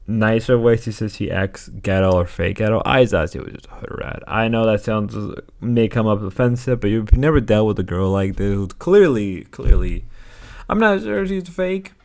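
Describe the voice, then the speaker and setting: A man's voice: lowish voice, moderate pace, hardly any pauses, darkish tone. A man giving casual, rambling commentary on clips, often correcting himself. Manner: rambling, candid, self-correcting. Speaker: streamer reacting to clips.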